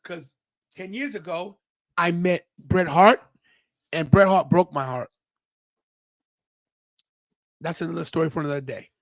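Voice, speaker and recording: Middle-aged guy with a high voice, emotional storytelling, dry close mic. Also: a little slow, pauses often, no room sound. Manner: emotional, animated retelling with quoted voices. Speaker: podcast host. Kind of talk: storytelling monologue.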